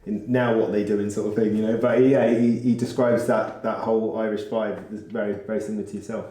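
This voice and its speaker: Male host, fast-talking, lowish mellow voice, echoey room, lots of "yeah". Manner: brief encouraging backchannels, relaxed. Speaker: podcast host. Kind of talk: interviewing.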